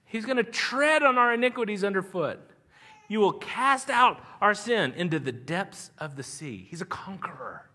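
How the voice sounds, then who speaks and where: A pastor preaching a sermon in an earnest, conversational way with a regional Southern American accent, restarting phrases and swelling into emphatic lines. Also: male voice, high voice, sharp tone. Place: church sanctuary.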